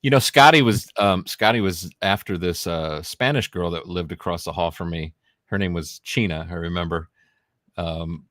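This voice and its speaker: A man's voice: low-pitched, a bit bright, dry recording, clean studio sound. A man co-hosting a podcast, telling funny stories in casual chat and laughing often. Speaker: podcast co-host.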